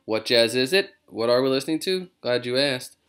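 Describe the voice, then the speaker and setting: A man's voice: mid-range voice, expressive, normal speed, a bit bright, smooth, faint music behind. A man, a comedian, chatting casually and rambling from his living room, drifting between digressions with self-mocking humor. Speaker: comedian vlogger.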